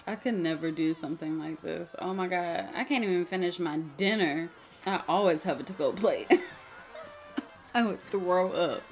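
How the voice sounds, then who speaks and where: A woman's voice: fairly low pitch, measured pace, soft background music. A woman hosting a movie reaction, talking casually and exclaiming at the screen as she watches. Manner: expressive, exclaims and talks at the screen.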